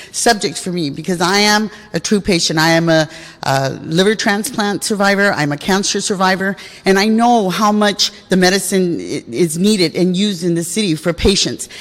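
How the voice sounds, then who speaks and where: A woman giving an emotional public comment at a city meeting, upset and repeating herself. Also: mid-range voice. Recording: echoey council chamber.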